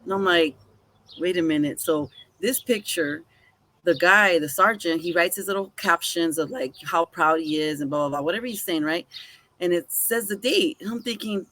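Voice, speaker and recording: A woman's voice: on the low side, a little fast. A woman co-hosting a podcast, telling a story in casual chat, acting out both sides of the dialogue and swearing casually. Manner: animated, swears casually, acts out quoted dialogue. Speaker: podcast co-host.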